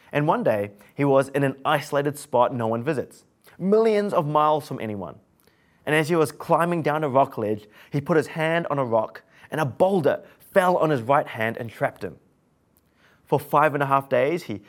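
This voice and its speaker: A man, preaching an earnest sermon full of rhetorical questions to his listeners. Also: on the high side.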